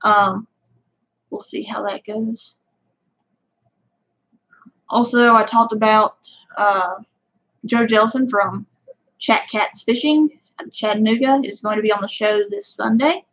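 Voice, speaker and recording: A woman's voice: medium pitch, steady tone, a little slow, pauses often, fairly bright tone, lo-fi sound. A woman with a Southern US country accent hosting a casual livestream, chatting with viewers in a rambling way full of fillers. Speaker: fishing channel host.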